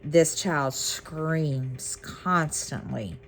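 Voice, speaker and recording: A middle-aged woman talks casually to her viewers in a low voice and at an unhurried pace. She rambles and restarts often, filling gaps with ums. A faint hum sits behind her. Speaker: cross-stitch vlogger. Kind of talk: casual chat to camera.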